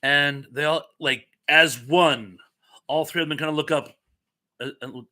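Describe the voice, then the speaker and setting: A man hosting a casual live-stream chat, running trivia and telling animated, self-mocking stories. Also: a little high, unhurried. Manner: animated, chatty storyteller with self-mocking asides.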